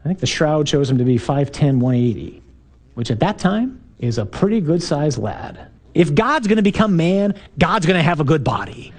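A man, a priest, giving an emphatic, animated talk to a parish group, full of rhetorical questions and punchy repeated lines. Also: fairly high pitch, moderate pace.

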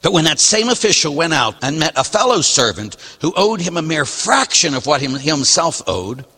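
A man preaching a Catholic sermon and reading scripture, animated, swinging between loud emphasis and quiet, slowed phrases. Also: a little high, long reverb tail, slight background noise. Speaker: Catholic priest.

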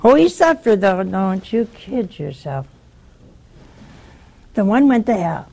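A woman's voice: mid-range voice, big pitch swings, gravelly, warm tone. An older woman giving an informal sermon full of stories, teasing her viewers with questions. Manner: slow, teasing, asks the audience questions. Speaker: religious teacher on a video show.

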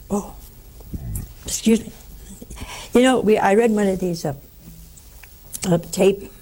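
A woman giving a conversational spiritual teaching, telling stories with lively asides to her listeners. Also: mid-range voice, slow, long pauses.

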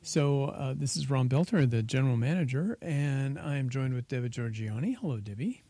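A man's voice: mid-range voice, animated, normal speed, warm tone, no room sound. A man hosting a station fundraising appeal on the radio, upbeat and thankful, talking in a slightly rambling way. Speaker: radio station general manager, host.

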